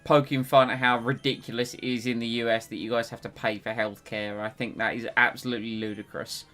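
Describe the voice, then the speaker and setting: A man with an English accent chatting casually while streaming a game, animated and quick to laugh. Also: medium pitch, soft background music.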